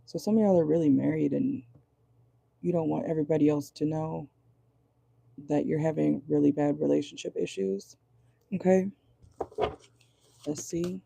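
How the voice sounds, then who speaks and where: Woman tarot reader, hoarse and gravelly, casual and profane, dark husky tone. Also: low-pitched, steady tone, normal speed, long pauses, no echo. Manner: chatty, frequent "okay?" check-ins, swears casually. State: voice going hoarse. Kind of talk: casual tarot reading monologue.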